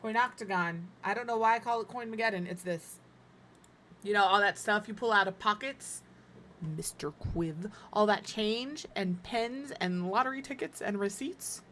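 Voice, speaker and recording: A woman's voice: mid-range voice, moderate pace, fairly bright tone, slight background noise. A middle-aged woman chatting casually on a live stream as she builds in a life-sim game, talking to her cat and to viewers with self-deprecating humor. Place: home room.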